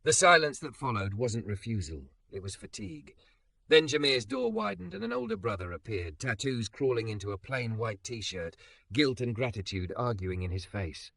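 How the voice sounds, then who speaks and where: A man narrating a scripted story in an even, measured reading. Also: fairly low pitch, gravelly, no echo.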